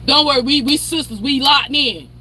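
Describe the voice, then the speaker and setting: Her voice sits high and moves at a moderate pace, pushed and bright. As a commentary channel host, she launches into a confrontational, foul-mouthed personal rant, naming someone again and again to call them out.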